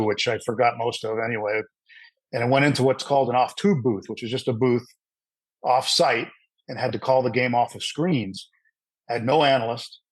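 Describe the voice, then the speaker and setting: A man's voice: mid-range voice, dry recording, poor audio. Dry-sounding middle-aged male broadcaster. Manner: animated anecdotal storyteller with fillers. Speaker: sports broadcaster. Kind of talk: storytelling in an interview.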